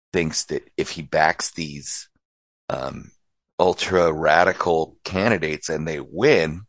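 A man hosting a podcast, chatting casually and adding steady commentary and short replies. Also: low-pitched, no echo. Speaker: podcast host.

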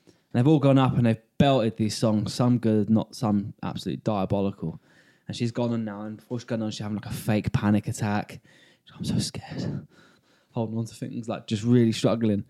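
A man, co-hosting a podcast, retelling something in casual, animated chat. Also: lowish voice, a little fast. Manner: animated, laughing often. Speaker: podcast co-host.

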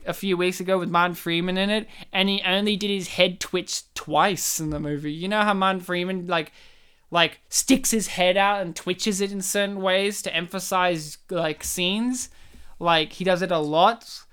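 A podcast co-host chatting casually with a friend. The voice is smooth and clear. The talk is full of jokes, teasing jabs and swearing. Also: medium pitch, steady tone, normal speed, fairly bright tone. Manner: joking, profane, teasing. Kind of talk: casual chat.

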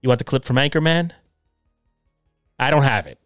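A man's voice: medium pitch, expressive, moderate pace, fairly bright tone, clean tone, no echo, studio quality, soft background music. A middle-aged man hosting a solo podcast from his basement, talking in a sarcastic, combative and self-deprecating way. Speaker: podcast host. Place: home basement.

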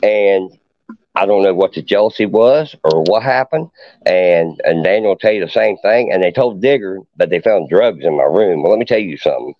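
A man's voice: low voice, animated, moderate pace, no echo. A middle-aged man, a podcast guest telling a long story in a boastful, profane hillbilly way. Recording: dull lo-fi podcast audio.

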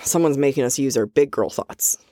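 A woman's voice: extremely low pitch, fairly quick, dark tone, no room sound, studio quality. A woman co-hosting a podcast, tipsy, chatting casually and laughing a lot as she rambles. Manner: giggly, laughs often, rambling. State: drunk. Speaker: podcast co-host.

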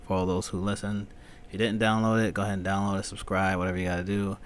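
A man hosting a solo podcast, talking in a rambling, profane way that swings from muttering to loud, high-pitched ranting. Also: level tone, quick pace, slight background noise. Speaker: podcast host.

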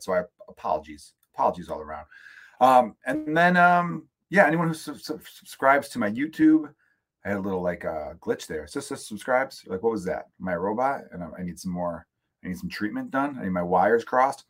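On his podcast, a husky-voiced American man goes on a casual solo comedic rant into a close studio microphone. His voice is low, animated and brisk, full of profanity, jokes and rambling tangents.

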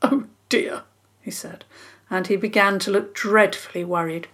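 A woman calmly narrating a children's story in a measured, scripted reading. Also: medium pitch.

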